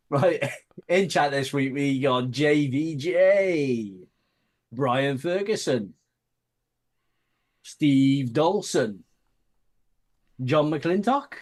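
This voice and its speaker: A man from Wales co-hosting a casual chat, hesitant and stumbling, chuckling between words. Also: on the high side. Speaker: co-host.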